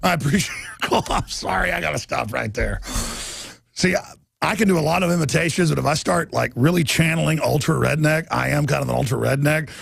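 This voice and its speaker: A man's voice: on the high side, fairly quick, vocal fry, a bit bright, slightly rough, no room sound, studio quality. A man hosting a talk radio show, ranting in a heated, mocking way.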